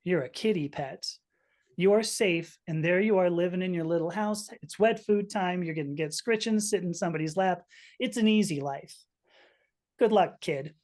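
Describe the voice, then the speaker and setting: Tough wild clan cats, as a woman puts them on, blunt and scornful toward a soft pet. The voice stays low and plain, barely shifted from a storyteller's own. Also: moderate pace, close to an everyday voice.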